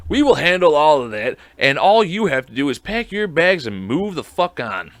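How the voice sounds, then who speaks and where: A man doing a loud pushy ad pitchman. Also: sing-song, moderate pace, no echo. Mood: salesy. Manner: hard-sell infomercial delivery. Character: pushy male ad pitchman, fast-talking salesman.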